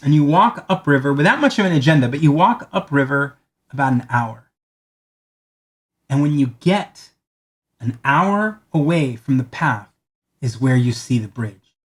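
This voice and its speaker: A man's voice: measured pace, long pauses. A man giving a talk on marketing, telling a long story in a conversational way and acting out the lines of the people in it. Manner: animated storyteller, acts out quoted lines in a higher voice; conversational, repeats words as he talks. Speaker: marketing speaker.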